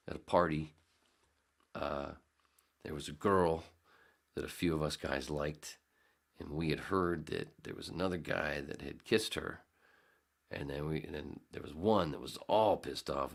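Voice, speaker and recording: Very deep, gravelly-voiced man telling stories. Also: moderate pace. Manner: rambling, swears freely, acts out scenes in jumpy voices. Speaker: podcast host. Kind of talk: casual storytelling.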